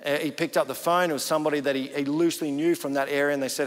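A man's voice: a little high, steady tone, rapid-fire, few pauses, long reverb tail. A pastor preaching a sermon, telling stories in a conversational way and acting out the people he quotes.

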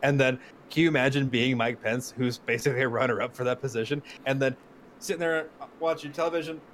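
A man's voice: mid-range voice, little pitch movement, fast, fairly bright tone, a little hiss or hum. A man co-hosting a podcast in casual chat, ranting in a sarcastic and profane way. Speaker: podcast co-host.

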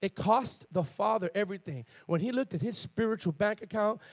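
Male pastor, high voice, fervent sermon delivery with loud emphatic peaks, stumbling restarts. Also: lively intonation, a little fast, dry recording. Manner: fervent, climbs to loud emphatic preaching with call-outs; repeats words and restarts often. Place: church sanctuary with congregation.

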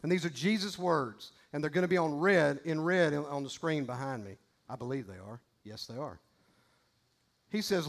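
A man's voice: on the high side, moderate pace, vocal fry. A man preaching a sermon, conversational and earnest, reading scripture aloud with casual asides to the congregation. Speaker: pastor.

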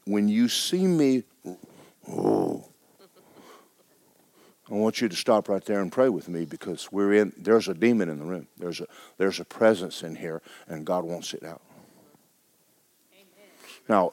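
A man, a pastor preaching and telling a story with animated bursts of loud shouting. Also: low voice, moderate pace, no echo. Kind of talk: sermon.

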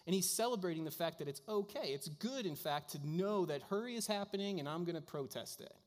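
A man's voice: sits high, animated, brisk, hardly any pauses. A man preaching a sermon as a pastor, telling stories in a casual way with lots of fillers. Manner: casual storytelling with frequent fillers. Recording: long hall reverb.

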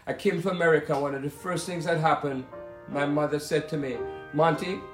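An older Jamaican man in his seventies talks through his memories like a showman, with lots of asides and wandering turns. His voice sits a bit high for a man. It rings around an echoey room at home. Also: fairly even intonation, fairly quick, faint music behind. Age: 70s. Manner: showman-like, rambling storyteller. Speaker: musician hosting a talk session. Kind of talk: casual reminiscing monologue.

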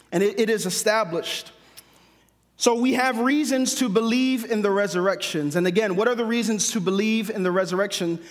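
Male preacher, high-pitched, conversational sermon delivery, long reverb of a large hall. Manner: conversational, self-correcting, with humorous asides.

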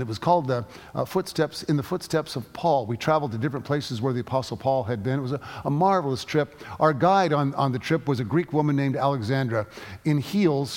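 A middle-aged man preaching a sermon, telling personal stories with halting restarts. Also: medium pitch. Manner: storytelling, halting with frequent restarts. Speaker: pastor. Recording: long reverb of a large hall.

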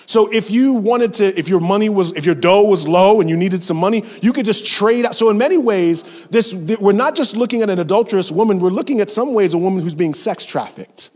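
Animated man preaching in a reverberant hall. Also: high voice, brisk, few pauses. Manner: animated, conversational preaching with playful voiced asides. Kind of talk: sermon.

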